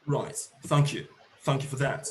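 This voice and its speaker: A middle-aged man presenting an online teacher-training seminar, explaining points slowly and rephrasing them, with fillers. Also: mid-range voice, lively intonation, roomy sound, a little hiss or hum.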